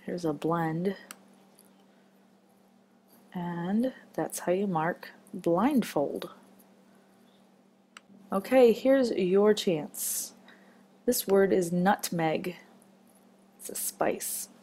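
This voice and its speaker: A woman's voice: fairly low pitch, extremely slow, pauses often, warm tone, breathy edge. A woman teaching a children's phonics lesson, patient and encouraging as she marks words step by step.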